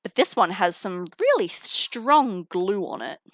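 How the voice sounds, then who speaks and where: Young woman streamer, slow easygoing chatter and giggles, headset mic, dry sound. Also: mid-range voice, sing-song, dry recording. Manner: chatty, giggly, talks to chat while unboxing. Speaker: streamer opening trading cards. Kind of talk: casual live-stream chat. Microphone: headphones with mic.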